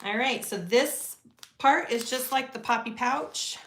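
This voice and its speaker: A woman's voice: a little high, a little slow, a bit bright. A woman hosting a live sewing tutorial, chatting casually and greeting viewers as she works. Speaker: sewing livestream host.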